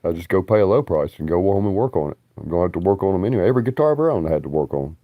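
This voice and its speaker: A man's voice: deep voice, animated, rapid-fire, no echo, narrow, tinny audio. A man, rambling bluntly and profanely on a livestream.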